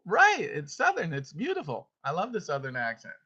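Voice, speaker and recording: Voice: medium pitch, wildly swooping pitch, a little fast, bright, forceful tone, breathy edge. A teacher running an online homeschool class over a video call, playfully calling on students by name and reading scripture aloud. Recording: dull lo-fi call audio.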